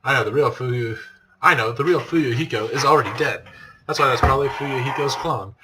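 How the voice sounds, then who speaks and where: A man playing an eerily calm, creepy young man. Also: mid-range voice, a little fast, background noise, close to an everyday voice. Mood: calm, eerie. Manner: calm, matter-of-fact, unsettling.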